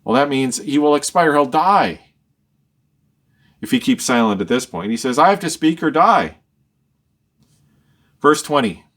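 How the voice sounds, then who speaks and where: A man's voice: fairly high pitch, lively intonation, unhurried, pauses often, a bit bright. A man leading a verse-by-verse Bible study, reading each verse and then explaining and rephrasing it. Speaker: Bible teacher.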